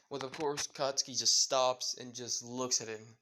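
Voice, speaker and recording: A man's voice: mid-range voice, flat delivery, normal speed, bright, forceful tone, slight background noise. Young male storyteller, rambling fan story narration, stumbles on names, filler-heavy.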